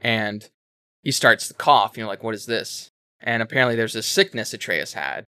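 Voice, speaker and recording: A man co-hosting a casual talk show, retelling a story in a rambling, animated way with self-corrections and swearing. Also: on the low side, moderate pace, clear, resonant tone, no room sound, studio quality. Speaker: podcast co-host explaining a game. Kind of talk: casual chat.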